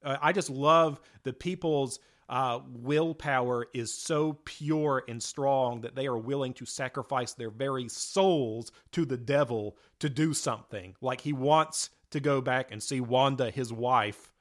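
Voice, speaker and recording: A man in an ordinary pitch co-hosts a relaxed podcast conversation. He rambles enthusiastically, filling pauses with "um" and "uh" as he works through his thoughts. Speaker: podcast co-host. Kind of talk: casual chat.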